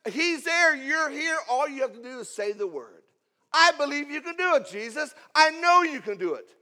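Preacher guy doing a humble officer begging earnestly, high voice. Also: animated, moderate pace, sharp tone, in a large hall, full character voice. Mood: pleading. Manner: earnest pleading. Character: pleading Roman officer, humble and confident.

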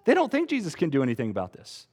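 A man in his twenties preaching a sermon, earnest and expressive, rising to emphatic peaks. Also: fairly high pitch, racing, breathy edge. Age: 20s.

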